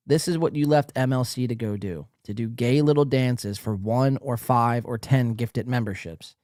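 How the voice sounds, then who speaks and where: A man's voice: mid-range voice, normal speed, hardly any pauses, a little mellow, no room sound, clean studio sound. A man hosting a podcast, giving crude, mocking, profane commentary. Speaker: podcast host.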